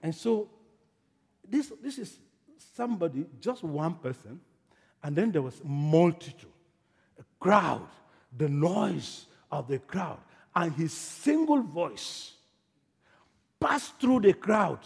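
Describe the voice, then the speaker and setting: A man preaching a sermon, from Africa, telling the story dramatically, swinging from hushed to shouting. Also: fairly high pitch, big pitch swings, slow pace, gravelly, pauses often, husky, long reverb tail. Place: church in America.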